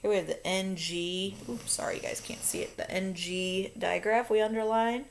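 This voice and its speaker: A woman teacher calmly walking through a phonics lesson in a recorded video, explaining step by step. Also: medium pitch, moderate pace, vocal fry, a little hiss or hum. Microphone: recording her own video lesson.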